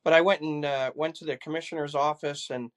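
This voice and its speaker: A man's voice: fairly high pitch, fairly even intonation, a little fast. An older man, a retired police chief, earnestly recounting personal experiences in a conversation, often repeating words as he goes.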